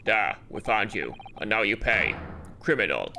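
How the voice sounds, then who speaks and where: A man voicing a stern ship officer in a game, gruff, menacing and clipped. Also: on the low side, sing-song, measured pace, pushed and bright, slight background noise, heavily acted. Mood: accusing.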